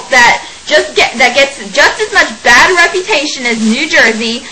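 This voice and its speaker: Exasperated young woman ranting, high and lively. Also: low-quality recording. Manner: exasperated, sarcastic, laughing between complaints. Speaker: vlogger. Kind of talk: ranting to camera.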